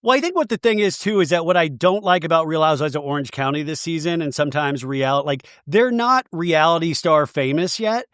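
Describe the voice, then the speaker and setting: A man hosting a podcast, chatting casually and retelling reality TV scenes in a rambling, animated way. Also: on the high side, a little fast, hardly any pauses, dry recording, studio quality. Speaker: podcast host. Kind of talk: casual chat about reality TV.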